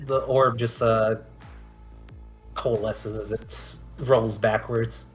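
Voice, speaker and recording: A man running a tabletop game as dungeon master, narrating in a relaxed, halting way with many fillers. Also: lowish voice, faint music behind.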